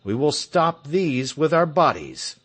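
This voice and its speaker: A man's voice: a little high, sing-song, slow pace, fairly bright tone, heavily acted. William Tell, a man reading a rousing hero. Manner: stirring, declamatory. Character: William Tell, resolute heroic marksman leader. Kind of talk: audiobook character reading.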